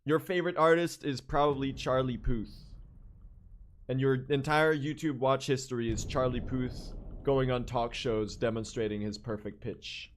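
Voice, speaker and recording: A young man streaming a speedrun, chatting casually, joking with chat, swearing and bursting into shouts. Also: medium pitch, fairly even intonation, normal speed, a little hiss or hum. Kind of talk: casual livestream commentary while gaming.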